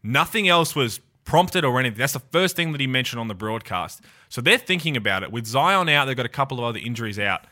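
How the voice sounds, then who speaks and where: A man's voice: mid-range voice, expressive, quick pace, pushed and bright. A man co-hosting a basketball podcast, talking in an emphatic, opinionated way. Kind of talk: casual sports chat.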